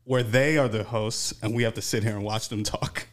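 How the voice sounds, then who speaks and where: A man's voice: lowish voice, fairly even intonation, normal speed. A man co-hosting a podcast in casual banter, wry and blunt, swearing freely. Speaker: podcast co-host.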